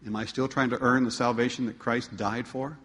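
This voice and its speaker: A man preaching a sermon to his congregation, asking them questions and swinging between emphatic, pleading peaks and quiet asides. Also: medium pitch, little pitch movement, brisk. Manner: asks the congregation rhetorical questions. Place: church. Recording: long hall reverb.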